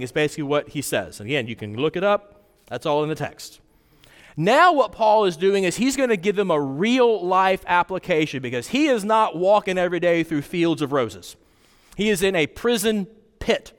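A man preaching a sermon as pastor, in a conversational, animated style with casual asides. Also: high-pitched, a little fast. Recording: long hall reverb.

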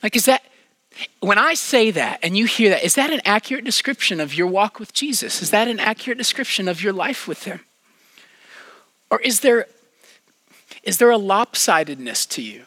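A man preaching a sermon to his congregation, asking them questions and sometimes dropping to a hushed near-whisper for emphasis. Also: high voice, sing-song, normal speed, pauses often, dry recording. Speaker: pastor.

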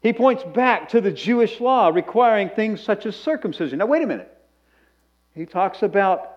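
A man's voice: high-pitched, a little mellow, lo-fi sound. A pastor preaching a sermon in a conversational way, often restarting phrases and tossing in asides to his congregation.

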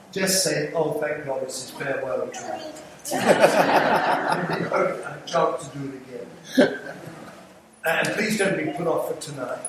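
An older man with an English accent preaching an earnest sermon as an evangelist, pleading with the congregation and making small jokes. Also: fairly high pitch. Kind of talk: sermon with altar call. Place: church sanctuary. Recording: echoey hall, mic far off, audible room noise.

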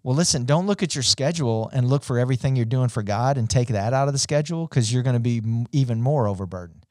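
A man preaching a sermon, impassioned and speaking straight to online viewers, rising to high, urgent peaks. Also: quick pace, mellow, no echo, studio quality. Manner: addresses online viewers directly. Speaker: pastor.

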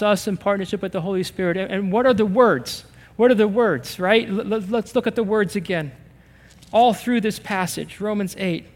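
A man's voice: high-pitched, in a large hall. A man preaching a sermon as a pastor, telling stories animatedly and acting out little conversations. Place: church sanctuary.

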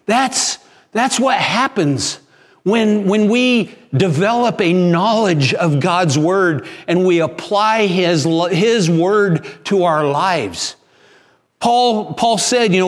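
A man's voice: high-pitched, lively intonation, takes it slowly. A pastor preaching a sermon in an earnest, emphatic way, often restarting his sentences.

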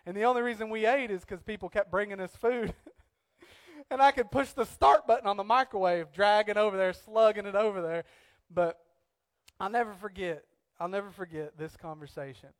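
Young male preacher, slightly high-pitched, animated storyteller who shifts between loud bursts and hushed reflection. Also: fairly quick, no echo. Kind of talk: sermon with personal story.

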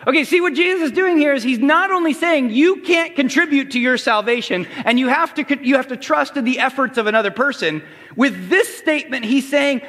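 A male pastor preaching a sermon in church, animated and acting out the voices of the people in the story. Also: very high-pitched, normal speed, long reverb tail. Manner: animated preaching with acted-out voices of the crowd and Jesus. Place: church hall.

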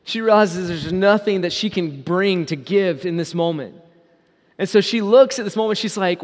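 A man preaching a sermon as pastor, asking the congregation rhetorical questions and slowing down on key words. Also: high-pitched, in a large hall.

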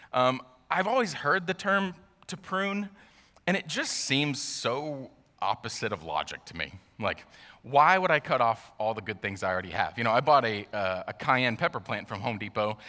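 A man preaches a relaxed, chatty sermon, ribbing himself with joking asides. His voice is bright and forceful. A long reverb rings around him in a church sanctuary. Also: mid-range voice. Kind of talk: casual sermon.

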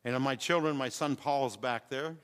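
A man's voice: medium pitch, moderate pace, fairly bright tone, clear, resonant tone. An older man preaching a sermon to a congregation, calling out to them with rising fervor. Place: church hall with congregation. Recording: long hall reverb.

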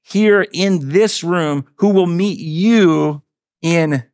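A serene, devout woman prisoner, eager and gently insistent, as a male preacher reads her lines in a raised voice. The sound is dry and close, with no room around it. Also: a little high, extremely slow, no echo, pitched above the performer's own voice. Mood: grateful.

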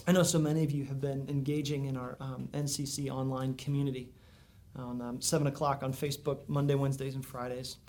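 A man's voice: mid-range voice, level tone, a little fast, darkish tone. A man preaching a sermon in a conversational way, full of asides and questions to the congregation. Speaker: pastor.

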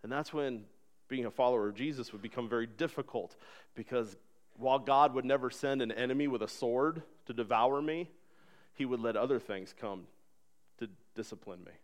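A man's voice: medium pitch, moderate pace. A man in his thirties preaching a sermon, earnest and conversational, acting out voices in the stories he tells. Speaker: pastor.

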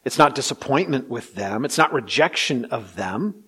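A man preaching a sermon, swinging between loud emphatic passages and hushed ones, and acting out quotes. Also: medium pitch, lively intonation, moderate pace, husky. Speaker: pastor.

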